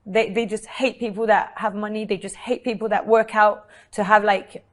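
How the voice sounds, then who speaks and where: A woman's voice: medium pitch, level tone, moderate pace. A woman in her twenties with a French accent, an interviewee telling a personal story in short, broken sentences. English is not her first language. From France. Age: 20s. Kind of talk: emotional personal account.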